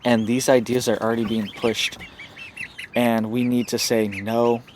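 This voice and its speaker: Male homesteading host, urgent casual commentary at home, mid voice, soft chicken noise behind. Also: mid-range voice, level tone, unhurried. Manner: urgent, repeats "right?" often. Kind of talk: casual direct-to-camera commentary. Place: home setup with chickens nearby. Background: chickens clucking.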